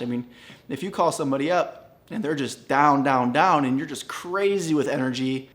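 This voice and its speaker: A man standing and teaching real estate cold calling to the camera, upbeat and smiling as he talks. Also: medium pitch. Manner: upbeat, smiling, energetic delivery. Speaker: real estate sales coach. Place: standing in a room.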